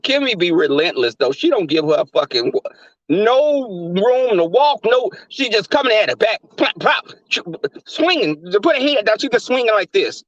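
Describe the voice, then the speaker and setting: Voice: mid-range voice, big pitch swings, moderate pace, no room sound. A comedian giving casual, profane, slangy commentary recapping a reality show. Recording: dull, dry lo-fi recording.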